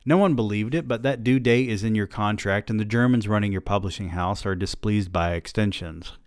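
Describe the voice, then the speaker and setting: A man reading aloud and voicing a brisk middle-aged female literary agent with an arch, dry, teasing manner. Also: on the low side, smooth, dry recording, lightly acted.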